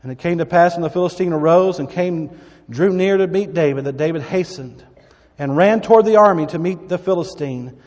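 A man's voice: high-pitched, brisk, darkish tone, long reverb tail. A man preaching a sermon, reading Bible verses dramatically and adding asides to the congregation. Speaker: pastor.

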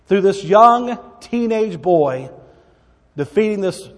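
High-voiced preacher in a reverberant hall. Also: male voice, animated, slow. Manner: dramatic Bible reading with asides. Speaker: pastor. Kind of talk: sermon.

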